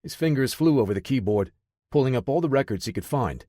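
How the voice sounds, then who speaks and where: A man narrating an audiobook thriller in a steady, even storytelling manner. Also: mid-range voice, quick pace, no room sound, studio quality.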